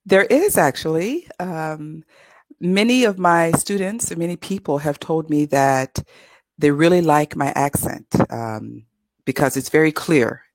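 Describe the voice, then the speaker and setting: A cheerful, chatty woman from California speaks with a relaxed Californian American accent. Her voice sits on the low side, and the recording is dry and close. She talks as an English tutor being interviewed. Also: measured pace, no room sound, poor audio. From California, USA. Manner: upbeat, chatty, laughs easily. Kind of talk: casual interview.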